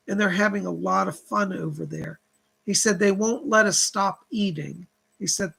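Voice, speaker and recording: A man's voice: sits high, creaky, fairly bright tone. A man hosting a live psychic reading stream, reading viewer donations and relaying spirit messages in long chains of "she said". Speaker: psychic medium host.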